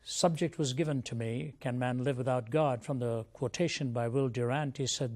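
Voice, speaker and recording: A man's voice: mid-range voice, steady tone, normal speed, hardly any pauses, a little mellow. An older man from India, a guest speaker, giving an earnest, reflective personal testimony in an interview.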